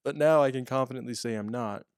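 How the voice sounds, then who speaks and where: A man's voice: mid-range voice, fast talker, darkish tone, clear, resonant tone, dry recording, clean studio sound. A man who works as a prison officer, telling stories in a casual podcast chat with lots of restarts and fillers. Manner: rambling storyteller, many restarts and fillers.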